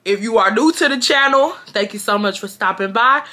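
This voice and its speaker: Twenties, woman; chatty, slangy storyteller with a bright tone. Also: mid-range voice, brisk. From Houston, Texas. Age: 20s. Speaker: vlogger. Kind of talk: casual storytime.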